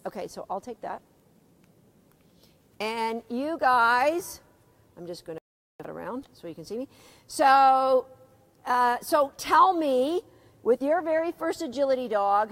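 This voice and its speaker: Chatty woman teaching a dog agility class. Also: sits high. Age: middle-aged. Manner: chatty, asks the audience questions, reads out their comments. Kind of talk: live seminar talk to students.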